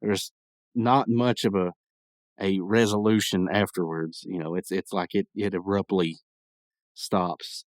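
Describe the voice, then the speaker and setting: Low-voiced man recapping a cartoon. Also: steady tone, unhurried, no room sound. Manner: rambling, chatty, frequent restarts. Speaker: podcast host. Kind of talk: casual episode recap.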